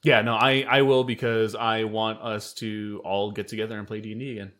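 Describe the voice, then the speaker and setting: A man hosting a casual podcast, talking in animated bursts with plenty of fillers, restarts and swearing. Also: fairly low pitch, fairly quick. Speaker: podcast host and game master.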